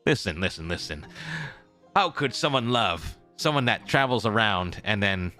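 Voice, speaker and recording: Young male streamer, lowish voice with a sharp, bright edge, rambling casual chat, faint music underneath. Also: lively intonation, normal speed. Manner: rambling, self-correcting, repeats phrases. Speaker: streamer in character as a traveling merchant.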